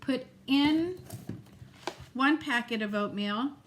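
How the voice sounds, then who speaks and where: A middle-aged woman chatting casually in a home vlog, animated and quick to laugh. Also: high-pitched, noisy background. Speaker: vlogger. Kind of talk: casual chat.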